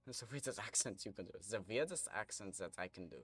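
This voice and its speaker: A man's voice: on the low side, animated, fast talker, fairly bright tone, faint music behind. A young man streaming a game, chatting casually and rambling while he reads chat and plays.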